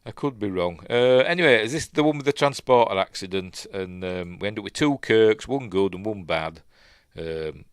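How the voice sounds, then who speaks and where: A man's voice: on the low side, expressive, normal speed, few pauses, clear, resonant tone, no echo, clean studio sound. A man with a Yorkshire accent, casually rambling through live commentary, with lots of fillers and self-corrections. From Yorkshire, England. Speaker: host.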